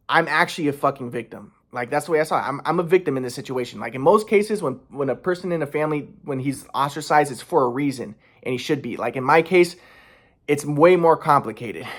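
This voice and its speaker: Mid-pitched male vlogger, rambling and aggrieved, swears a lot. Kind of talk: casual personal monologue.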